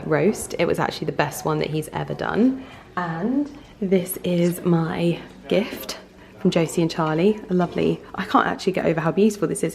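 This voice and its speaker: A woman's voice: sits low, creaky, a little mellow. A woman in her thirties, chatting casually with lots of fillers as she shows her home in a lifestyle vlog. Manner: chatty and enthusiastic, with many fillers. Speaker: lifestyle vlogger. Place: home, indoors and in a garden.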